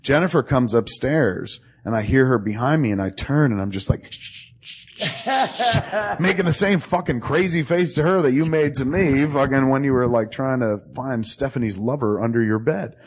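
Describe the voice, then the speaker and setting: Profane, animated storytelling man. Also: medium pitch, normal speed, breathy edge. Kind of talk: casual storytelling to a friend.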